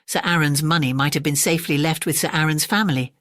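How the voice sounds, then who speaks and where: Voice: medium pitch, fairly even intonation, fast, fairly bright tone, no room sound, studio quality, close to an everyday voice. The narrator voicing a stern, authoritative police inspector in a bedtime mystery audiobook.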